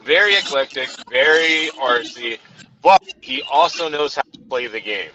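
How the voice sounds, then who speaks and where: Driving in his car, a man co-hosts a casual film chat, rambling with frequent "you know" fillers. His mid-range voice is animated, pushed and bright at a moderate pace. The recording is dull and lo-fi with faint background noise.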